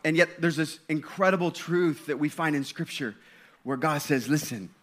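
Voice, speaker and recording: A man's voice: on the high side, moderate pace, fairly bright tone. A man preaching a sermon in a conversational style, stumbling and restarting, then building to fervent passages. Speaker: pastor.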